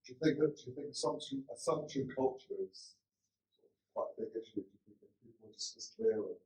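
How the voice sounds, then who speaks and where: A man's voice: mid-range voice, quick pace, a little mellow. Man, earnest audience member, far from the mic, roomy echo. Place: back of an echoey meeting room. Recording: distant and echoey, far from the mic.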